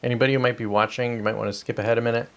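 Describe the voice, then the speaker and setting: Man, livestream host, rambling casual chat, middle pitch, talks to viewers in chat. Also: flat delivery, rapid-fire, fairly bright tone. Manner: sips coffee between remarks.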